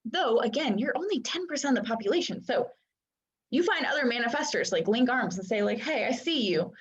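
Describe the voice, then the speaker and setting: A woman's voice: on the high side, lively intonation, fairly quick, husky. A woman coach teaching in a casual, chatty way and often checking in with listeners. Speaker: Human Design coach. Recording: dull lo-fi sound.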